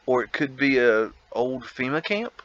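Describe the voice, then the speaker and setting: Slow rambling guy musing over photos, kinda muffled lo-fi audio. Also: medium pitch, very animated, fairly bright tone. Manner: rambling, musing aloud with laughs. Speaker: vlog host. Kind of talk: casual photo commentary.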